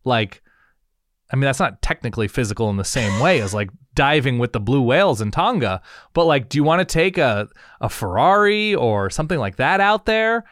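A man in his thirties talks in a relaxed podcast chat, pressing his co-host with question after question. His pitch rises and falls a lot. The sound is close and dry, with no room echo. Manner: probing, rapid-fire questions. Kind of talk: casual chat.

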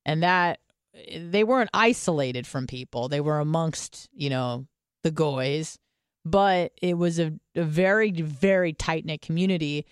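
Recorded cleanly in a studio with no room sound, this young woman from the United States co-hosts a podcast. Her low voice is clear and resonant, her pace measured, and her casual chat wanders with plenty of fillers and swearing.

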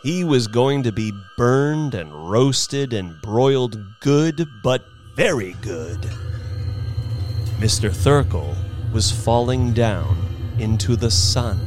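A man narrating a short story as an audiobook reading, slow and expressive. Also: medium pitch, faint music behind. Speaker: narrator and performer.

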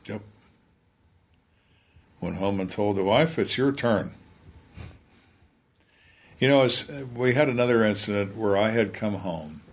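An older man, a retired homicide lieutenant, shares blunt, wry, plain-spoken stories from his career in a candid interview. His voice is lowish, at normal speed, with long pauses.

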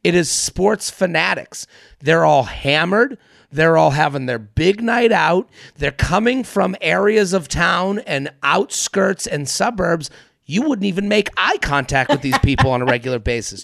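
A man hosting a comedic advice podcast, ranting in an animated and profane way. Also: high voice, normal speed, gravelly, dry recording, studio quality. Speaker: podcast host.

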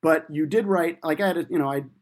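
Brief: fifties male comedy writer, lightly higher voice, rambling anecdotes, self-mocking. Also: fast talker. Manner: rambling, self-deprecating, many restarts. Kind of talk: casual interview storytelling.

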